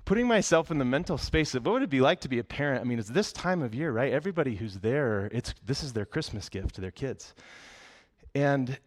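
A man giving a sermon as pastor, speaking conversationally and telling stories with humor and lively bursts. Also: mid-range voice, brisk. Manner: conversational, animated storytelling with humor.

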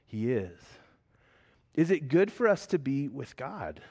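A young adult man, a pastor, preaching a sermon in an earnest way, swelling to loud emphatic peaks and then dropping back soft. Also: medium pitch, very animated, slow pace, breathy edge.

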